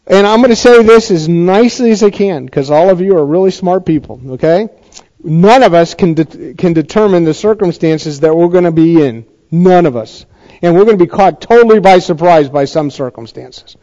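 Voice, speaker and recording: High-voiced man preaching a casual sermon. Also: darkish tone. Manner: conversational, halting, with dry sarcasm. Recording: dull lo-fi recording.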